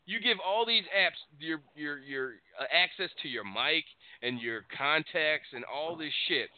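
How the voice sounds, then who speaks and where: A man's voice: high voice, no room sound. A man co-hosting a call-in show, ranting casually with profanity and frequent laughter. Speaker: podcast co-host. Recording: tinny phone-like line.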